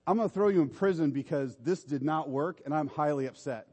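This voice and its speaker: A man voicing an angry, proud king in a story within his sermon, speaking in a blunt, indignant way, a little lower than his own voice. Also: a little fast, a little mellow, slightly rough, big-room sound.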